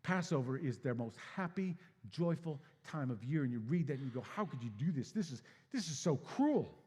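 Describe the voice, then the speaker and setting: A man's voice: fairly high pitch, expressive, moderate pace, breathy edge. Dynamic male pastor preaching in a hall. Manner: dynamic preaching, swinging from hushed to loud, emphatic bursts. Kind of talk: sermon. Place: church sanctuary. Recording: long hall reverb.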